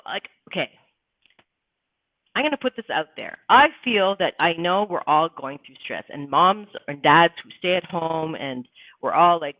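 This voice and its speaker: A woman's voice: lowish voice, no room sound. A woman hosting a casual live-stream chat, talking bluntly and emphatically with plenty of swearing. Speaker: livestream host. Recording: tinny phone-like sound, dry.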